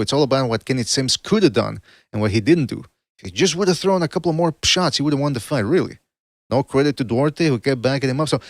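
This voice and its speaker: A man's voice: medium pitch, no echo. A man hosts a boxing podcast livestream in a loose, chatty way. He wanders between points and keeps restarting his sentences. His mid-range voice sits close to a dry, unroomy mic. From Canada. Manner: rambling, self-correcting, chatty. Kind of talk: casual livestream commentary.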